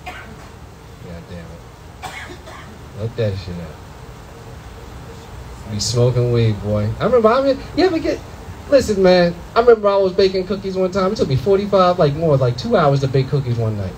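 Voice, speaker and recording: A young adult man doing a loud, animated stand-up comedy set in a comedy club, full of profanity and acted-out voices. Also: high-pitched, fairly quick, a little hiss or hum, low-quality recording.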